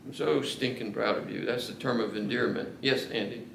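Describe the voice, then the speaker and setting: Earnest male pastor mid-sermon, drawn-out emphasis; reverberant church sound. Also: mid-range voice, steady tone, gravelly, slight background noise. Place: church sanctuary. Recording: echoey church room.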